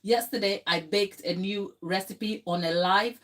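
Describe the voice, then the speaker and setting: Slow-talking woman chatting while baking live. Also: mid-range voice, a bit bright. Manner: chatty and emotional, laughing often, talking to the chat. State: tired. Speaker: baker hosting a livestream. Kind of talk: live baking tutorial chat.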